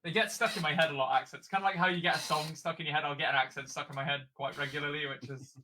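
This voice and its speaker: A man's voice: a little high, steady tone, rapid-fire, pushed and bright. A man hosting a casual interview chat, laughing often and asking easy questions. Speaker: host.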